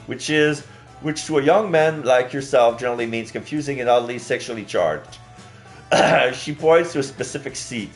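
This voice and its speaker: A man's voice: medium pitch, normal speed. Brief: male streamer reading a dating game aloud, casual and chatty, faint music under. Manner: chatty, laughing asides. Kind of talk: reading a visual novel aloud.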